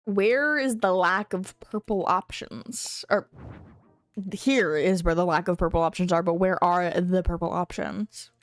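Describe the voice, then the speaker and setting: A woman's voice: lowish voice, a little slow, no room sound, faint music behind. Young woman streaming at home, just chattering away, hums little tunes, giggles, dry sound. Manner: thinks aloud, rambling, hums and giggles to herself. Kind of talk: casual live-stream chatter while playing.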